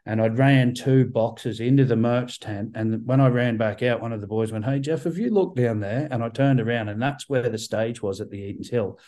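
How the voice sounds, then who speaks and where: A man's voice: medium pitch, fairly even intonation, normal speed, hardly any pauses, mellow. A man in a casual interview over a video call, rambling and swearing often, with many restarts. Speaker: band member guest.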